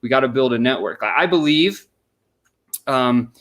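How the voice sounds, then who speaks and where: A sales consultant, interviewed in a conversational setting, walks step by step through a sales method and acts out sample questions and replies. His mid-range voice is animated and fairly bright, at a normal speed.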